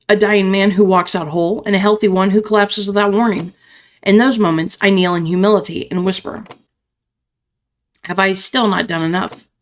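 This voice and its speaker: A woman voicing a pious male doctor who speaks in a solemn, measured, reverent tone. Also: medium pitch, close to an everyday voice.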